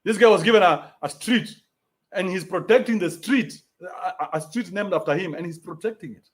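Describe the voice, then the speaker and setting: A young adult man with a Kenyan accent, working as a commentator, delivers a crude, mocking rant on a livestream. His voice is high and his pace is normal.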